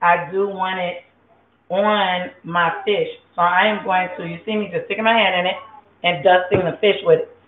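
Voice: mid-range voice, steady tone, moderate pace, a little hiss or hum. A home cook, chatting loosely and with lots of swearing to viewers while cooking in a kitchen. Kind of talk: casual cooking vlog. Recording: tinny, phone-like and echoey.

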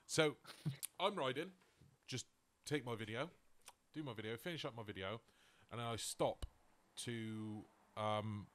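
Speaking at a measured pace in a medium pitch, a man co-hosting a laid-back podcast recounts a story. He's an animated storyteller who performs the characters' lines.

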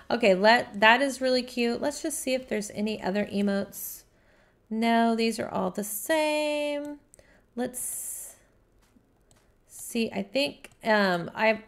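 A woman hosting a casual gameplay live stream, chatty and upbeat, greeting viewers by name and gushing over what she finds. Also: fairly high pitch.

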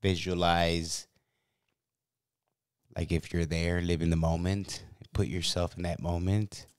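A man with a very low voice hosts a casual podcast chat. He rambles along in an easygoing way, with plenty of ums and uhs. The sound is dry and close. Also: flat delivery, slow pace, clean tone, dry recording. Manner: laid-back, rambling with many fillers. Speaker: podcast host.

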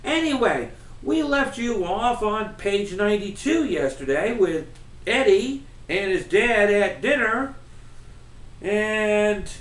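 A man, the author, narrating his own novel in a storybook reading. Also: high voice. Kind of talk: storybook read-aloud narration. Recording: roomy, from far off.

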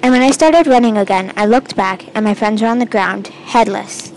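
A woman reading her own first-person fantasy story aloud in an amateur, halting way, with restarts and stumbles. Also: mid-range voice, a little mellow, a little hiss or hum, poor audio. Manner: first-person storytelling with quoted lines read in the same voice.

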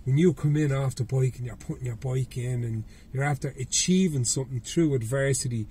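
A man's voice: medium pitch, fairly quick, warm tone, a little hiss or hum. A middle-aged Irish man hosting a podcast, chatting casually and swearing freely, with rambling restarts. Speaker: podcast host. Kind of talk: casual chat.

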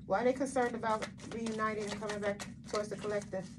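A woman's voice: mid-range voice, fairly even intonation, quick pace, background noise. A woman doing a tarot reading for her viewers, blunt and emphatic, with frequent swearing and repeated rhetorical questions. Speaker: tarot reader.

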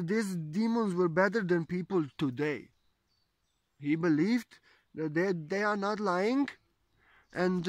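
A spiritual teacher telling a religious legend in digressive, simple broken English, often saying "you know". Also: male voice, a little high, a bit bright, dry recording. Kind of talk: spiritual storytelling talk.

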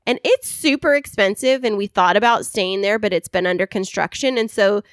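A woman's voice: mid-range voice, a little fast, dry recording, studio quality. Giggly, gushing woman podcast co-host. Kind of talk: casual chat.

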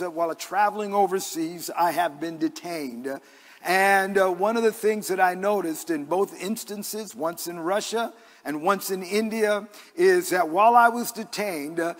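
High-voiced preaching man in a reverberant church. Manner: earnest, conversational preaching. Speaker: pastor. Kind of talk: sermon with personal stories. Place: church sanctuary.

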